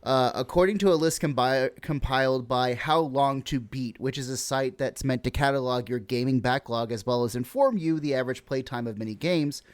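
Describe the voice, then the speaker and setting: A man's voice: mid-range voice, moderate pace, hardly any pauses. Rambling Texan guy on a podcast. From Texas. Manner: rambling, swears casually, explains with many likes. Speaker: podcast co-host. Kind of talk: casual podcast chat.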